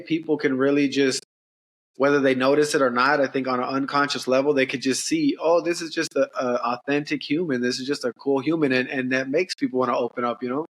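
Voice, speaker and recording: A man's voice: medium pitch, fairly bright tone. A man who works as a tattoo artist, talking passionately in casual slang on a remote call, often restarting his sentences. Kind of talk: casual interview chat.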